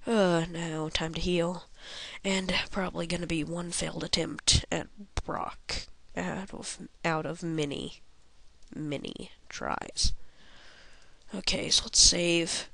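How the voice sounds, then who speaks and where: Goofy slow-talking young woman gamer. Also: on the low side, fairly even intonation, gravelly, fairly bright tone, dry recording. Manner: goofy, rambling, jokey, often murmurs under breath. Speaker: game commentator. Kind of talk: casual let's-play commentary.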